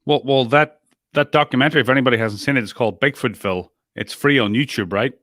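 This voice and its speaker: A male podcast host asks relaxed questions to keep a casual interview going. His voice sits at an ordinary middle pitch. The sound is dry and close. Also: quick pace, dry recording.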